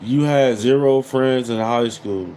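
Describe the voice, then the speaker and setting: A man's voice: mid-range voice, slow, mellow, slight background noise, poor audio. A man in his thirties hosting a casual livestream, reading viewer comments and mocking them with repeated catchphrases. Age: 30s. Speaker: livestream host.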